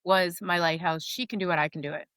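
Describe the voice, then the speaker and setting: Candid, rambling woman with a low voice. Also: fairly even intonation, fast, fairly bright tone, no room sound. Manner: open, candid, rambling storytelling. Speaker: guest. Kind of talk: casual interview talk.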